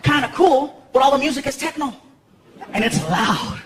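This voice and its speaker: Lively stand-up comedian, a high-pitched man, performing live to a big laughing crowd in a noisy venue. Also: normal speed. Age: 30s. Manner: animated, lots of character voices and shouted punchlines. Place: large theater stage. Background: audience laughter and crowd noise.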